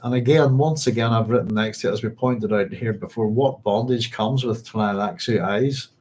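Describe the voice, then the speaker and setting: Reading aloud from a novel at normal speed, a book club host with a lowish, somewhat mellow voice works through the passages as he discusses them. He often says "if you like."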